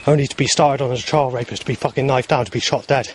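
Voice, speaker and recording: A man's voice: medium pitch, fairly even intonation, rapid-fire, slight background noise. Agitated man rambling in a vlog. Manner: agitated, rambling, many fillers and restarts. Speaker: vlogger. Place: outdoors in the heat.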